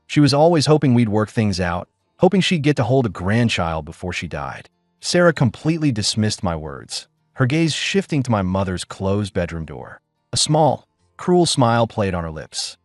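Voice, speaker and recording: A man's voice: lowish voice, sing-song, moderate pace, dry recording, clean studio sound, faint music behind. A man narrating a first-person audiobook drama in a weary, bitter tone.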